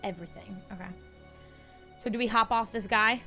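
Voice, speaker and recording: A woman playing a tabletop game, chatting casually, excitable and quick to laugh. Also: mid-range voice, loud music behind the voice. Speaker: player.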